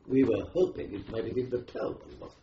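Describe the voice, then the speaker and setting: A man's voice: mid-range voice, fast talker, vocal fry. An older man from Wales with a Welsh accent, a war veteran rambling through his memories with many ums and restarts. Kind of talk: oral history recollection. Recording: dull roomy tape with faint hiss.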